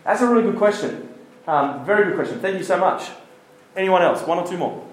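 A man's voice: high voice, animated, brisk. A man giving a casual, jokey church talk and asking the room questions. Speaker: youth speaker. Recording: echoey hall.

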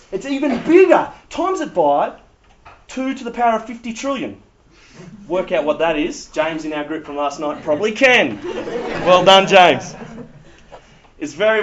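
Animated preacher, higher voice. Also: male voice. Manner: animated, humorous storytelling. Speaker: pastor. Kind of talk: sermon. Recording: dull lo-fi sound.

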